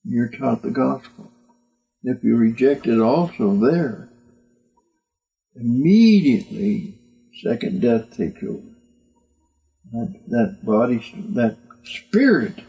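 An older man giving an earnest doctrinal sermon, halting and repeating words as he goes. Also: mid-range voice, vocal fry, a little mellow, rough recording. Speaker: religious teacher.

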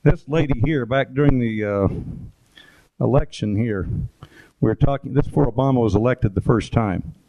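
A man's voice: medium pitch, moderate pace, mellow. A middle-aged man giving an informal talk with photos, rambling through anecdotes with fillers and asides. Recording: dull lo-fi recording.

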